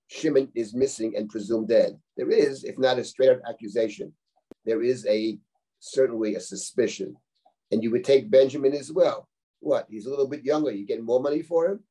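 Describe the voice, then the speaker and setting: A man's voice: medium pitch, normal speed, mellow, breathy edge. A middle-aged man, a rabbi, teaching a live class on a biblical text, reading Hebrew verses and translating them in a conversational, explanatory way with rhetorical questions. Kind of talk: live text-study lecture.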